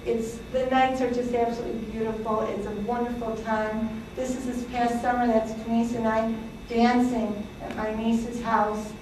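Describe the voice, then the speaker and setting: A woman's voice: a little high, flat delivery, moderate pace, hardly any pauses, noisy background. A woman in her sixties, born in Greece, giving a chatty talk to an audience, with many fillers and laughs. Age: 60s. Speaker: presenter. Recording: echoey hall from far off.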